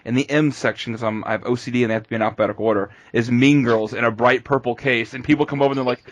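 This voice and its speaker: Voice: medium pitch, steady tone, racing, highs cut off. A co-host of an interview show, joking and laughing a lot. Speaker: podcast co-host. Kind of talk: casual interview chat.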